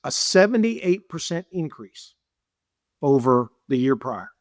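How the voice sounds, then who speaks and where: A middle-aged business owner tells stories in a casual interview, animated and repetitive, acting out the dialogue he quotes. His medium-pitched voice is slow, recorded in studio quality with no echo.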